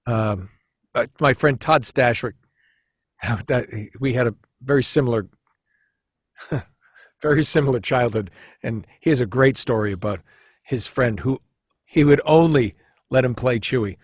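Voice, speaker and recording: A man chatting as a podcast guest, telling stories in an animated, rambling way with many restarts, often jumping into quoted voices. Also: medium pitch, measured pace, pauses often, breathy edge, no echo, clean studio sound. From United States. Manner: animated storyteller who jumps into quoted voices. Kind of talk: casual storytelling chat.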